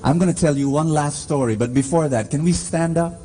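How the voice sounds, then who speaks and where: A man preaching a sermon in a church, slow and emphatic, calling to the congregation for responses. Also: a little high, mellow, slight background noise.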